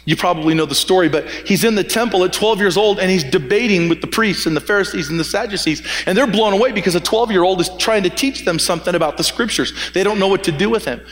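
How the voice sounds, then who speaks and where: High-voiced pastor in an echoing hall. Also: male voice, fast, few pauses, fairly bright tone. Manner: conversational storytelling, often restarts and repeats words. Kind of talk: sermon. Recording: echoey hall with long reverb.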